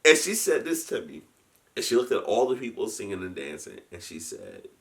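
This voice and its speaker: A man telling a story in a casual chat. He is animated, often laughs and restarts his sentences. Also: fairly low pitch, moderate pace. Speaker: guest storyteller, convention founder.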